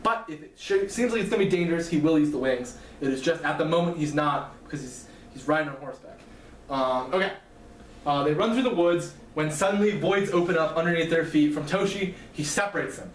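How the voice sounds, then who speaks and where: Man, high pitch, loose filler-heavy plot recap, distant mic with faint noise behind. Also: fairly quick, reverberant. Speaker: author recapping his novel. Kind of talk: casual plot recap lecture.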